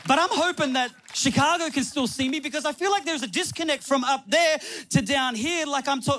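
A man preaching a sermon on a church stage, animated and laughing often, acting out little quotes from people. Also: very high voice, a little fast, few pauses. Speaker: pastor.

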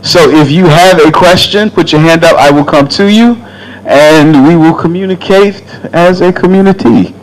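A man's voice: on the high side, normal speed. A man moderating the question and answer period at a town hall, friendly and inviting.

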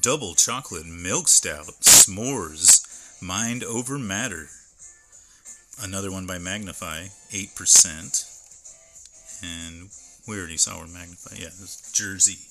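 A man's voice: low-pitched, a little slow, music in the background. A man streaming live from home, chatting casually and reading labels aloud as he unboxes. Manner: rambling, stops to read can labels aloud.

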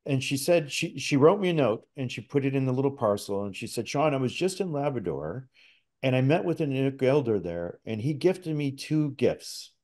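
A man's voice: medium pitch, big pitch swings, normal speed, darkish tone. A middle-aged man from Canada, a podcast guest telling a personal story in a casual, earnest way with frequent restarts. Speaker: podcast guest, spirit talker.

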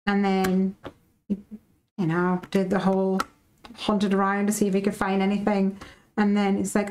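A woman's voice: medium pitch, little pitch movement, a little slow, pauses often, a little mellow, a little hiss or hum, poor audio. A woman from the UK hosting a live craft stream, chatting casually and animatedly with viewers and reading out their comments.

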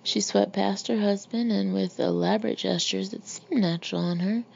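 Gravelly-voiced woman reading an audiobook. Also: mid-range voice. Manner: steady, measured reading. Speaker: narrator. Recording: muffled lo-fi recording with faint hiss.

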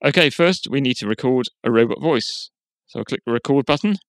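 A man hosting a software tutorial, explaining each step in a plain, steady way. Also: medium pitch, brisk, no room sound. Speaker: tutorial host. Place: quiet room.

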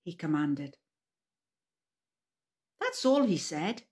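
Slow, lively-voiced woman telling a children's story. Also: medium pitch, roomy sound. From England. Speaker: preschool worship leader. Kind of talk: children's Bible story and singing.

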